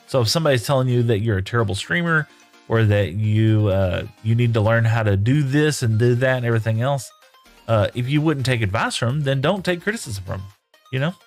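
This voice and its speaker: A man streaming live from his home room, reading viewer chat aloud and answering in a folksy, rambling way. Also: medium pitch.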